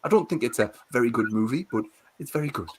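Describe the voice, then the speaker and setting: A man co-hosting a casual livestream, talking in an animated, swearing rush. His pitch leaps up when he gets worked up, then drops back to an everyday chatty tone. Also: fast, husky. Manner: animated, swearing, rants with emphasis. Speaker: co-host.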